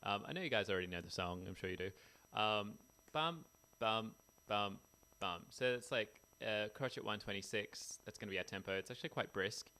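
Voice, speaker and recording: Man, low voice, gravelly, casual music theory lesson, chatty, tired. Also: quick pace, hardly any pauses, sharp tone. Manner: chatty, sings rhythms with scat syllables. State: tired from poor sleep.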